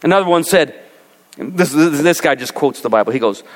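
A man preaching a sermon as pastor, animated and rising to emphatic peaks. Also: fairly high pitch, fairly quick. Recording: long reverb of a large hall.

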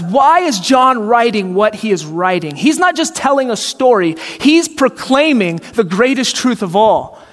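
A man's voice: sits high, a bit bright. A man preaching a sermon in a conversational way, asking rhetorical questions and acting out the people in his story. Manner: conversational, acts out quoted voices, rhetorical questions. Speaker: pastor. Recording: hall reverb.

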